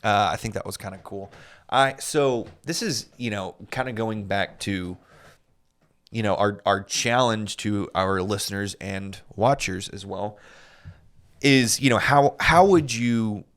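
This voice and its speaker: A man's voice: lowish voice, unhurried, a bit bright. A man co-hosting a menswear podcast, chatting casually with lots of fillers and restarts. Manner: rambling, many fillers and restarts. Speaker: podcast co-host; menswear salesman. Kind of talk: casual chat.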